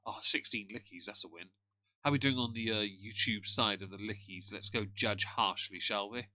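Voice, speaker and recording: Male streamer, bright tone, jokey banter with chat. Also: on the low side, normal speed, no echo. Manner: greets chat members by name, jokey. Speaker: streamer reacting to a video. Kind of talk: casual live-stream chat.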